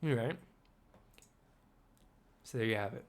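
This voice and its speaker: Rambling male host, casual and chatty, keeps quizzing the listener, swears offhand, mid-pitched. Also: a little slow. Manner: rambling, asks the viewer questions, swears casually. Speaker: video host.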